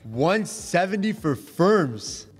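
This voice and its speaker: A man plays auctioneer, calling out bids and sales in a steady, rhythmic cadence. His voice sits a little high and swings widely in pitch. The room behind him rings with a long reverb. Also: slow pace, husky. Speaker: auctioneer host. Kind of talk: casual group chat.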